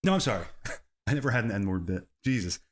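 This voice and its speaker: Male comedy podcast host, solo rambling monologue, animated swoops in pitch. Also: brisk, slight background noise. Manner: rambling, swerving into bits, laughs at own jokes.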